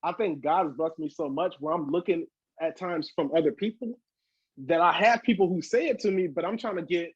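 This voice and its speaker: High, husky-voiced man talking animatedly. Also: a little fast, dry recording, dull audio. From Southern California. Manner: animated, swears freely, acts out quoted voices. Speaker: guest hip hop artist. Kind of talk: casual podcast interview.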